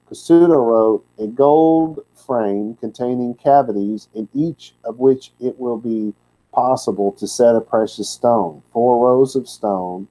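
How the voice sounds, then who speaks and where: A man's voice: mid-range voice, slow, warm tone, poor audio. A man teaching a word-by-word scripture lesson, plainspoken, with candid asides. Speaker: Bible teacher.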